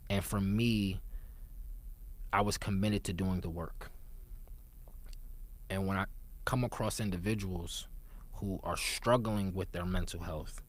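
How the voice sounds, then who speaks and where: Deep-voiced earnest man reflecting. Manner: earnest, often drops to a soft, low murmur; emphatic when stressing a point. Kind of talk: reflective conversational talk.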